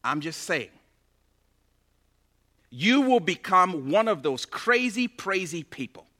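Bright, high-voiced man preaching a sermon. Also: sing-song, slow pace. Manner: impassioned preaching, builds to loud bursts. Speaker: pastor.

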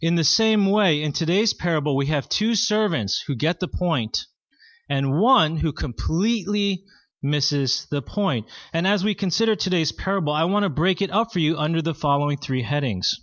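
A pastor delivers a sermon in a measured, earnest way, his voice sitting fairly high for a man. The sound is dry with no room echo, and a little dull, like a modest lo-fi recording. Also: expressive, a bit bright.

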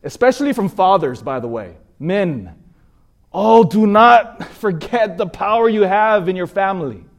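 Expressive priest preaching with lively pitch. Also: male voice, measured pace. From California. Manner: earnest storytelling with emphatic rises. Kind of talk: sermon.

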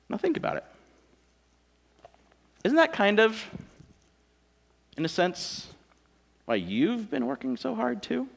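A man's voice: very high-pitched, wildly swooping pitch, slow, vocal fry, pauses often, husky, in a large hall. A man in his thirties preaching a sermon in a casual, joking, self-deprecating manner. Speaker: pastor.

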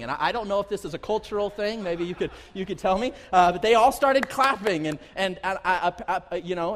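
A pastor delivers a sermon, his voice set a little above the usual male pitch. He tells stories with animation, calls out to the congregation and repeats words mid-thought. His voice rings with the long reverb of a church sanctuary. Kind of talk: sermon with personal travel stories.

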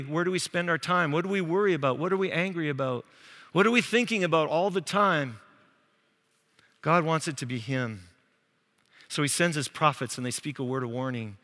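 A man preaching a sermon as pastor, animated and acting out quoted voices. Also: on the high side. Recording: long hall reverb.

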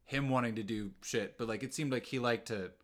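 A man's voice: medium pitch, brisk. Laid-back man recapping with lots of "like". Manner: relaxed, filler-heavy storytelling with lots of "like". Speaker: podcast co-host. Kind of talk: casual chat recapping a TV episode.

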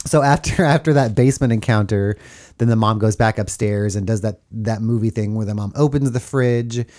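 A man's voice: fairly low pitch, fairly quick. A man hosting a podcast, recapping a horror film in a casual, joking way and acting out the characters. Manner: animated, joking, acts out characters. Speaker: podcast host.

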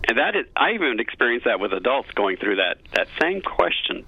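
A middle-aged cathedral choir director joins a radio interview over a phone line, talking earnestly and enthusiastically. His medium-pitched voice is husky, very animated, and a little fast. The line sounds tinny and dry.

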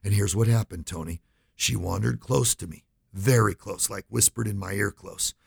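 Gravelly-voiced man telling a story. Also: lowish voice, moderate pace. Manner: animated storyteller, acts out quoted voices. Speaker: financial advisor guest. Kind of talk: interview storytelling.

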